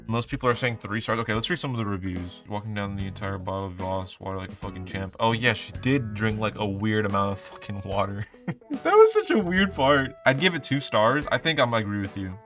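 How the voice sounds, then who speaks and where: A man's voice: fairly low pitch, a little fast, a bit bright, soft background music. A young man in his twenties reviewing movies in casual, rambling chat, full of fillers and swearing. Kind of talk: casual vlog commentary.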